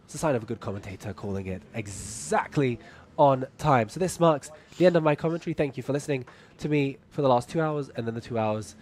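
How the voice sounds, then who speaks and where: A man's voice: medium pitch, expressive, quick pace, few pauses, a little mellow. A man giving live motorsport commentary in a polite, wry manner as he wraps up his shift. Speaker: race commentator. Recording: faint ambient noise.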